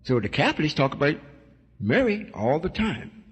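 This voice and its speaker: Brief: husky male preacher, folksy teaching, rings in a reverberant hall. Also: fairly high pitch, sing-song, moderate pace. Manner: folksy preaching, acts out voices. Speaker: religious teacher. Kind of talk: sermon-style teaching with questions.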